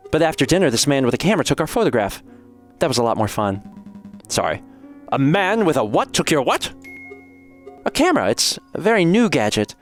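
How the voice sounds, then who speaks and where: A man's voice: mid-range voice, natural voice. A man voicing a young noble cat girl who is sweet, chatty and naive, talking in a bubbly, breathless way.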